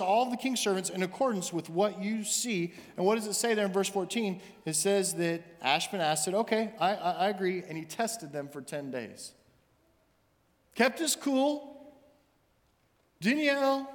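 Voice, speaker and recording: A middle-aged minister preaches in a bright, high voice, driving his points home with short, punchy, repeated lines. His sermon rings out with a long reverb through a church sanctuary. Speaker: senior minister.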